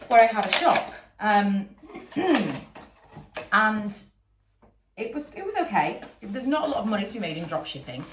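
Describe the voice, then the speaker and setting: A woman in her thirties, congested and sniffling from a cold, chatting casually and rambling with many fillers while she works at home. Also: on the low side. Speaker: vlogger and candle maker. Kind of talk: casual chat to camera. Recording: echoey room, mic a little far, noisy.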